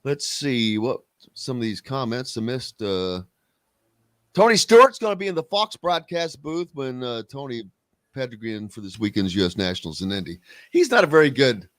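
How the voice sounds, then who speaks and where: A man's voice: medium pitch, big pitch swings, moderate pace, fairly bright tone, dry recording. A man hosting a casual sports talk radio show, chatting and reading listener comments aloud.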